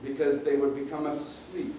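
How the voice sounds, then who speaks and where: A pastor preaching a sermon in a conversational, halting way, often repeating words. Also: male voice, a little high, little pitch movement, warm tone, a little hiss or hum. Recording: roomy echo, distant mic, faint ambience.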